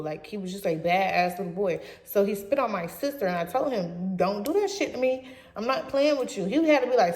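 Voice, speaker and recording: A young woman casually telling a story from her teens in a blunt, profane, animated way. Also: mid-range voice. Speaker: vlogger. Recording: roomy echo.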